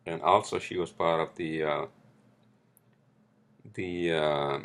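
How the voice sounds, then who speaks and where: A man's voice: extremely low pitch, steady tone, slow, fairly bright tone. A New man hosting a casual solo podcast, rambling with lots of fillers, frequent swearing and "right?" tags. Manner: rambling, swears often, many fillers and tag questions. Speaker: podcast host.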